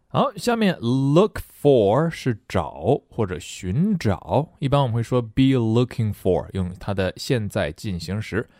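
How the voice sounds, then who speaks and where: A man's voice: fairly low pitch, moderate pace, hardly any pauses, no echo, studio quality. A middle-aged man hosting a recorded language lesson. He jokes as he explains words and reads example sentences aloud. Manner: lively and joking, switching between explaining and reading aloud. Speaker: English teacher.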